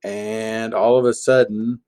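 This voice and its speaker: Male pastor, family sermon, gentle playful storytelling, low voice, very slow pace. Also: level tone, clean tone. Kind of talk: children's object-lesson sermon.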